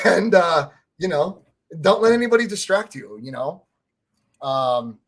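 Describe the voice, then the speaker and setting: A man's voice: a little high, big pitch swings, slow, creaky. A man co-hosting a podcast in casual sports fan chat, rambling, stammering over his words and swearing freely. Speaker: podcast co-host.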